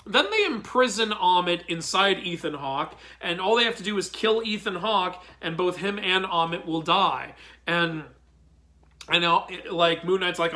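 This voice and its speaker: A man giving a casual review of a TV episode, excitable and prone to exasperated outbursts. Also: high voice, normal speed. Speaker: mythology video commentator.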